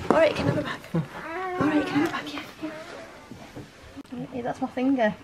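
A woman in a casual family video, talking softly and coaxingly to a dog during its birth. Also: high voice, fairly quick. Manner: soft, coaxing talk to the dog. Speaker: family vlogger helping a dog give birth. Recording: home video with clear background noise.

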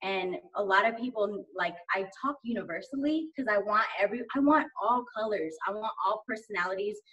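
A woman's voice: mid-range voice, fairly quick, fairly bright tone. Eager woman on a distant, dull line. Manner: enthusiastic and rambling, many "like"s. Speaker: guest sharing sales tips. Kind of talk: casual interview chat.

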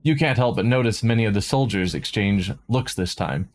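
A man streaming a game, reading a visual novel aloud with dramatic narration and quick asides of his own. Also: on the low side, slight background noise. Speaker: let's play streamer.

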